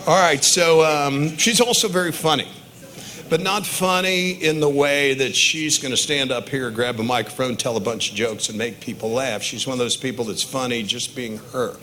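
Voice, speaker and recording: A man's voice: medium pitch, moderate pace, sharp tone. Father in his sixties telling stories. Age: 60s. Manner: storytelling, chuckling at his own anecdotes. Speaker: father of the bride giving a toast. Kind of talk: wedding reception speech.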